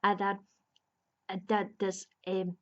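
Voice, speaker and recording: A woman's voice: mid-range voice, monotone, takes it slowly. A woman casually retelling a plot as a video reviewer, rambling with many restarts and fillers and laughing now and then. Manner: amused, laughs between lines. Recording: slightly dull lo-fi sound.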